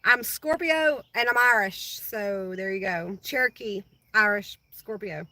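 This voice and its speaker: A woman's voice: mid-range voice, unhurried, hardly any pauses, sharp tone, poor audio. A middle-aged woman hosting a casual livestream, chatting with viewers and answering their comments by name. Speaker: livestream host.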